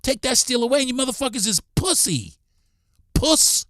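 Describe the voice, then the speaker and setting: A man's voice: very high-pitched, expressive, fast talker, fairly bright tone, no room sound, clean studio sound. A man hosting a podcast, delivering a blunt, profane, heated monologue. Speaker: podcast host.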